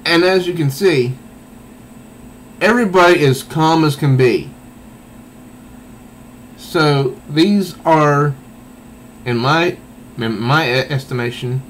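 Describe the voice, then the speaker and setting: Male comic reviewer, unhurried and rambling, mid-pitched, with a faint hum of air conditioning behind him. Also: low-quality recording. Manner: meandering, thinking aloud. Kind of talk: casual spoken review.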